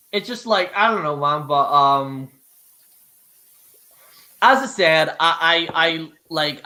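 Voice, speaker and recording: Bright, rambling Irish male host. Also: a little high. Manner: rambling, swears a lot, many restarts. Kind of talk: casual live-stream chat.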